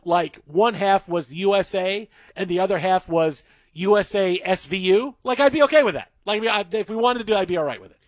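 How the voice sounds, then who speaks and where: Male sports radio host, high lively voice, dry studio sound, bantering. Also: a little fast, no echo. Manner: animated, laughing, acts out quoted voices. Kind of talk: late-night radio banter.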